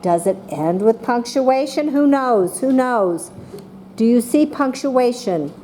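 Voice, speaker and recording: A woman teaching a class of young children, speaking slowly and patiently and calling on each child by name. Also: fairly high pitch, a little hiss or hum. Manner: slow and patient, calling on children by name, voicing excited examples.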